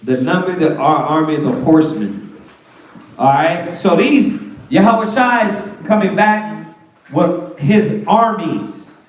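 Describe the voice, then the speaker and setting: A man teaching a Bible class in a lively, slangy, joking way, full of rhetorical questions. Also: high-pitched, slow, slight background noise. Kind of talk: lively street-talk preaching. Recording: echoey room, voice far from mic.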